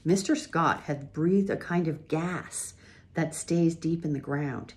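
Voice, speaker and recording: A woman reading a children's chapter book aloud, gently pausing to show pictures. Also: sits low. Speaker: reader.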